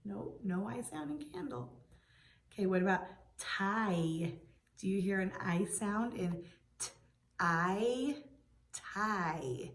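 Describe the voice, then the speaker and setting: Woman preschool teacher, slow patient delivery, echoey room. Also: medium pitch. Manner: slow, patient, sounds out words for children. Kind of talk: video lesson for young children.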